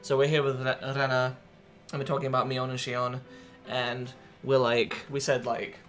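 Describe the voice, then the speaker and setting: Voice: medium pitch, completely flat delivery, normal speed, few pauses, soft background music. A streamer casually recapping a visual novel in a rambling way with lots of fillers. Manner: rambling, chatty, many fillers.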